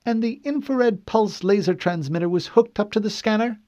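A man's voice: high voice, moderate pace, darkish tone, pitched above the performer's own voice, lightly acted. A man voicing a stern female officer who questions a soldier in a clipped, precise way. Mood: probing. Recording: dull dry studio read.

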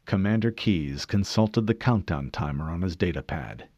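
A man reading a novel aloud in measured, expressive scripted narration. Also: low-pitched, dry recording, lo-fi sound. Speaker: audiobook narrator.

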